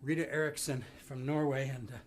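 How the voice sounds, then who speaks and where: A man's voice: medium pitch, fairly even intonation, a little fast. A man, a folk musician on a live stream, introduces a song in a rambling, self-deprecating way full of ums. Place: home studio. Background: guitar.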